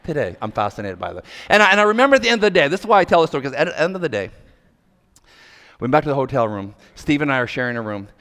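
A male pastor preaching a sermon, telling a lively story and acting out the voices of the people in it. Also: fairly high pitch, rapid-fire. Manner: animated, acts out quoted voices. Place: large church hall. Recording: long hall reverb.

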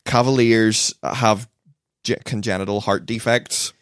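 A man's voice: fairly low pitch, steady tone, a little slow, clean tone, dry recording, studio quality. A man chatting casually as a podcast co-host, telling long rambling stories with swearing. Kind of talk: casual chat.

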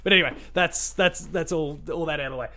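A man's voice: fairly high pitch, fast talker, bright, forceful tone. A man hosting a casual gaming podcast, talking in a rambling, chatty way with frequent restarts. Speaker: podcast host.

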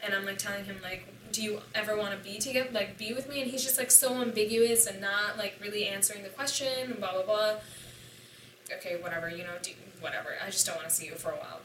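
A woman's voice: medium pitch, fairly even intonation, quick pace, a bit bright, a little hiss or hum. A woman in her twenties, a podcast guest, telling a personal story in a candid, profane way and acting out the dialogue. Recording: echoey room, distant mic.

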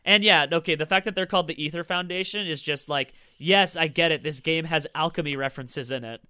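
A man chatting casually about games, quick and enthusiastic, swearing freely. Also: fairly high pitch, sharp tone, clear, resonant tone, no room sound, studio quality.

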